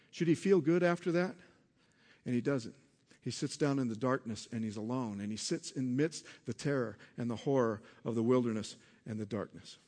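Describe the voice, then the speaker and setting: In this sermon, a male pastor poses questions to the congregation, his delivery alternating between soft, subdued moments and booming, emphatic outbursts.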